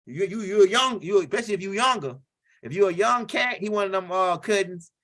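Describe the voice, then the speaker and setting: A high-pitched man from tells a loose, rambling stand-up story. He circles back, repeats lines and keeps asking "right?" as he talks. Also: expressive, fairly quick, fairly bright tone. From Louisiana. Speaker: comedian.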